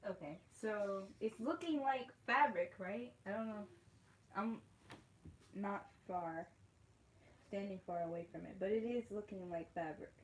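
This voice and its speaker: Her voice sits in the mid-range and moves at a measured pace as she paints and chats loosely with her audience. She laughs often, rambles, and keeps starting her sentences over. Faint noise and room echo are audible.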